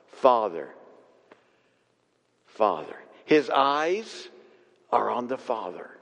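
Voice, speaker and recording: A man preaching a sermon as pastor, slow and emphatic, with long pauses and repeated refrains, in a church sanctuary. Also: high voice, a little mellow, lo-fi sound. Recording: long reverb of a church hall.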